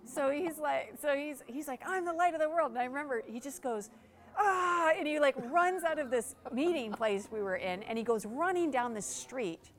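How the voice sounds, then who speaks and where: Animated woman telling a story. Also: high-pitched, moderate pace, hardly any pauses. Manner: lively, acts out quoted voices, frequent fillers. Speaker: pastor and guest speaker. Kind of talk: animated storytelling in casual conversation.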